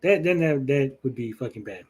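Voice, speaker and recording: A man's voice: mid-range voice, expressive, normal speed, slightly rough. A man hosting a casual livestream after-show, talking bluntly and profanely and checking in with "right?" all the time. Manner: blunt, profane, argumentative, asks "right?" often. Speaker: show host.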